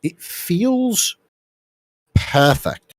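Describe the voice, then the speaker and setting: A man running a tabletop game as game master, narrating in a halting way with many restarts. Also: high voice, animated, dry recording, studio quality.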